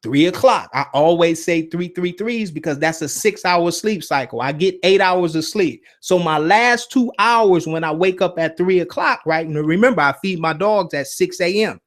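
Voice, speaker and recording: High-voiced man telling a dream story. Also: moderate pace, few pauses. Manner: animated storytelling, often asks "right?" and "you see?". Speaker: host. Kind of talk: casual spiritual talk to viewers.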